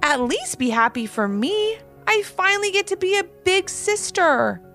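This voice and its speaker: A woman reads aloud as a little girl who can barely contain her joy, her voice soaring high and bouncing all over in breathless squeals. This storybook girl rushes her words and is eager to share everything. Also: very animated, a bit bright, soft background music, heavily acted. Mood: pleading. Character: excited little girl wanting to be big sister.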